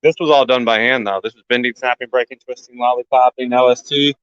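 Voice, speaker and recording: Bright, crisp-voiced man rambling. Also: medium pitch, fairly even intonation, quick pace, dry recording, highs cut off. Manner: rambling, jokey, talks to his plants. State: short on sleep. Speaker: grow channel host. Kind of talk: casual walkthrough vlog.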